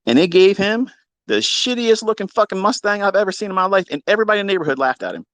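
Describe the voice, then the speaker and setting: A man's voice: high-pitched, expressive, fast, a bit bright, dry recording. Profane, mocking man telling a story. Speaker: Twitter Space host. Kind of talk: casual storytelling rant. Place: lives in Maryland.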